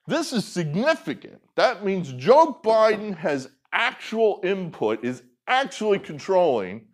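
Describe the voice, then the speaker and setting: A middle-aged man talking through his political commentary in a rambling, sarcastic way, with many fillers and restarts. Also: mid-range voice. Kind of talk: casual commentary video.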